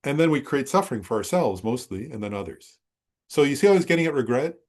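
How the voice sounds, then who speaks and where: A man's voice: mid-range voice, lively intonation, quick pace, a little mellow. A man giving a Buddhist dharma talk, telling a personal story in a loose, rambling way and often checking whether listeners follow. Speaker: Buddhist teacher.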